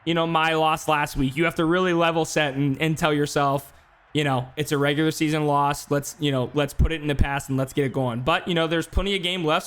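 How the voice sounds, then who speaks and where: A man calling play-by-play for a simulated football game on a live stream, talking fast between plays with casual asides. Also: a little high, a bit bright. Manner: rapid play-by-play, filler-heavy asides. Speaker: play-by-play commentator. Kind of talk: esports sim football commentary.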